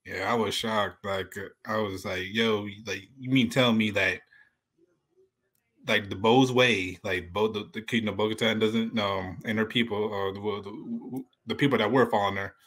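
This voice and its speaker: A man's voice: lowish voice, steady tone, moderate pace, a bit bright. A man who is a guest on a casual talk show, giving his reactions with lots of restarts and slangy asides. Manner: rambling, many restarts and "like, yo". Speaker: guest co-host. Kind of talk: casual show review chat.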